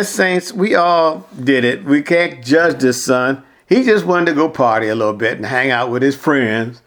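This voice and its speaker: A man's voice: on the high side, fairly bright tone. Man preaching a folksy sermon. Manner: folksy, personal asides, numbered points. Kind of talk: sermon with scripture reading.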